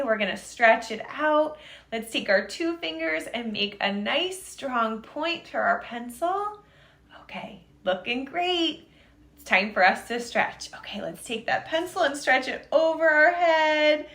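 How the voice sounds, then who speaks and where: A woman's voice: sits high, expressive, a little slow, fairly bright tone, echoey room. A woman teacher leading young children through arm stretches and jumping jacks, coaxing and counting along in an upbeat way. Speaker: reading teacher. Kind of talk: leading a movement warm-up for children.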